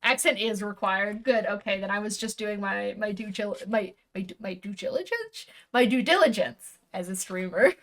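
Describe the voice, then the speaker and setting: A woman streamer talks to her viewers while opening a package, in a loose, rambling chat. She restarts sentences, corrects herself as she goes, and swears offhandedly. Her voice sits at an ordinary mid-range pitch. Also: moderate pace, few pauses, a bit bright. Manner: rambling, self-correcting, casually swearing, chuckling.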